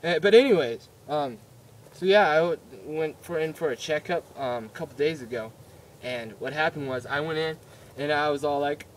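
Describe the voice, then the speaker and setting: A man's voice: fairly high pitch, moderate pace, slight background noise. A young man telling a story in a casual vlog, rambling and giggly, with many fillers and restarts. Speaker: vlogger.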